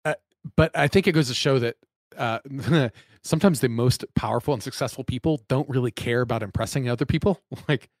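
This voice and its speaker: A man hosting a business podcast in a relaxed, bantering way, with a mid-range voice. The recording is dry and close, with no room sound. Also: medium pitch, fairly quick, dry recording. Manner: easygoing, friendly banter. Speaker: podcast host. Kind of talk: casual chat.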